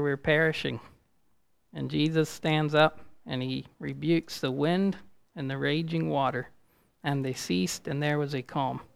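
A man giving an informal, halting sermon, speaking with a gravelly voice that rises loud and urgent at points. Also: fairly high pitch, dry recording. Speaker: preacher.

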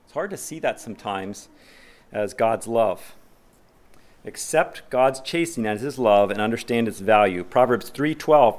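A man's voice: mid-range voice, animated, a little slow. A man preaching a sermon as pastor, reading scripture aloud with rising emphasis and asking the congregation questions in conversational asides.

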